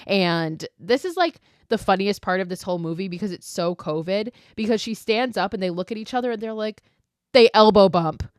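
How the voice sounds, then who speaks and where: A woman hosts a podcast and retells a horror movie scene by scene, swearing and adding her own asides. Her voice sits low for a woman. The recording is dry and close, with no room sound. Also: dry recording. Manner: profane, animated storytelling with asides. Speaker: podcast host. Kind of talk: casual movie recap.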